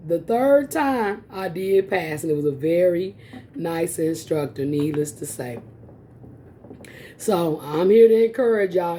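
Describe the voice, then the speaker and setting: Woman vlogger, warm mellow tone, casual storytelling to viewers, laughs often. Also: fairly low pitch, a little hiss or hum. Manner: animated, laughing often, addresses viewers as y'all. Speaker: mukbang vlogger. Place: home, eating on camera.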